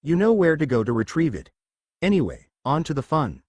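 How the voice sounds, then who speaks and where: A man's voice: a little high, sing-song, fairly quick, darkish tone, no room sound. Man narrating a fan story, dry close sound. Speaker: fan fiction reader.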